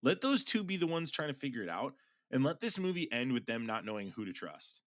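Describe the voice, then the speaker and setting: A man's voice: medium pitch, big pitch swings, fairly quick. A man co-hosting a casual podcast, emphatic and enthusiastic as he shares his opinions. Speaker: podcast co-host.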